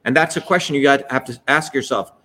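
A man hosting a political livestream, giving a heated, profane speech that rises to shouts. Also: mid-range voice, fast talker. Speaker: host.

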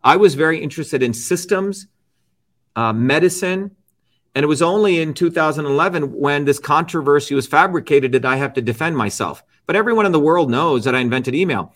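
A middle-aged man, appearing as an interview guest, lectures emphatically in an argumentative exchange. His voice is fairly high, animated, and fairly quick. He repeats his key phrases and keeps checking in with "okay?" and "right?".

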